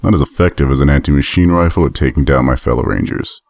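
A man's voice: a bass voice, fast talker, vocal fry, darkish tone, no echo, clean studio sound. A man playing a battle-worn armored stallion soldier who talks in a weary, matter-of-fact way. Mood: grim, reminiscing. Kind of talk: audio drama acting.

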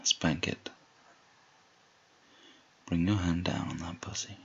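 Man, deep and husky, whispered role-play, slow and dominant, teasing tone, muffled lo-fi take. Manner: slow, low murmured delivery.

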